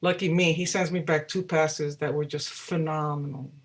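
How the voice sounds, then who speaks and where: A woman's voice: sits low, moderate pace. A woman singer-songwriter speaks as an interview guest and tells her stories with energy. She acts out the voices of the people she quotes as she goes. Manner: animated, acts out quoted dialogue. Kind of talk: storytelling in a casual interview.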